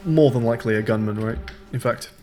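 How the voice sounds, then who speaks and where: Brief: young male streamer, casual let's-play chatter, mid pitch, faint music under. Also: fast, mellow. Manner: thinking aloud, chatty, hesitant with ums. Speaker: game streamer.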